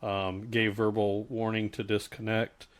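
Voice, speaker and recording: Speaking low and flat, a man co-hosts a podcast in casual conversation about customer service. He often restarts his sentences and halts as he relies on his work experience.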